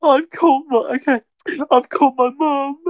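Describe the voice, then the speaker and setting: A woman's voice: high voice, fairly even intonation, normal speed, dry recording. A young woman in a casual recorded reaction, pleading and swearing while breaking into laughter and near-tears, talking close to her own mic.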